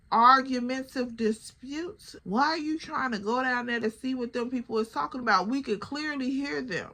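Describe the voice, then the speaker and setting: A young woman with a Chicago accent telling a story in a chatty, animated way to her viewers. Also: fairly high pitch. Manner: animated, chatty, addresses the listener as girl. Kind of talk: casual storytime vlog.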